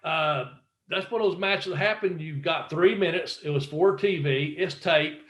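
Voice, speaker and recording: A former wrestler telling stories in a casual interview, swearing freely and acting out what other people said. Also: male voice, on the high side, normal speed. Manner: profane, animated storyteller acting out quotes. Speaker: guest, former pro wrestler.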